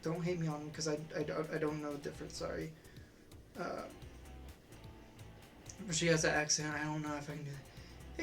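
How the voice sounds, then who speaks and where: Chatty, excitable game streamer. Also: medium pitch, moderate pace, creaky, pauses often. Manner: chatty and excitable, thinking aloud. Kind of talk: casual let's-play commentary. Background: faint game music.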